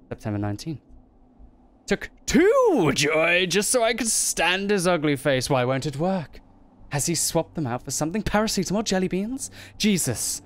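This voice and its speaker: A man reading as a paranoid diarist. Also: on the high side. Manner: reading aloud, muttering suspicion. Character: paranoid male diarist losing his grip.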